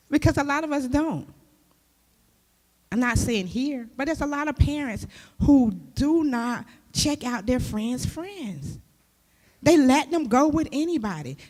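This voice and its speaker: Woman church speaker, conversational sermon, lively, pointed questions to the room, long hall reverb. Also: high voice. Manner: lively, with rhetorical questions to the audience. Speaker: church speaker and youth teacher.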